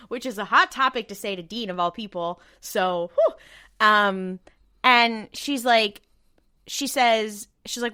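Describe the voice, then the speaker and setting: Young woman podcast co-host, bright, slightly high voice, rambling chatty recap with frequent laughs. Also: slow pace, pauses often. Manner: rambling, laughs often, acts out quotes. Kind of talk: casual chat recapping a TV episode.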